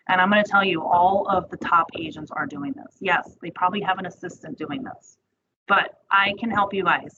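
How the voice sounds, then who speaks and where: Chatty woman giving a marketing class. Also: on the low side. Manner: upbeat, chatty, encouraging. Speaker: marketing trainer. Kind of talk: webinar training talk. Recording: muffled audio with background noise.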